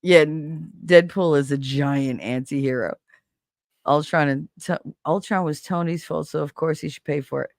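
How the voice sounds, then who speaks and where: A woman's voice: low voice, moderate pace, darkish tone, dry recording, clean studio sound. A woman hosting a casual stream, telling stories playfully and acting out quoted voices. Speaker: streamer host. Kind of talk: casual chat.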